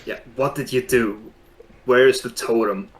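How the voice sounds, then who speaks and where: A man's voice: medium pitch, steady tone, unhurried. A man playing a character in a tabletop role-playing game, casual and joking. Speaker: player.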